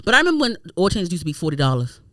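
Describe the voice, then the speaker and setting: This woman co-hosts a podcast and tells stories in an animated, unfiltered way, swearing freely and rising to indignant shouts. Her voice is bright and forward. The sound is dry, with no room in it. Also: on the low side, rapid-fire, no room sound. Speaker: podcast co-host. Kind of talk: casual chat.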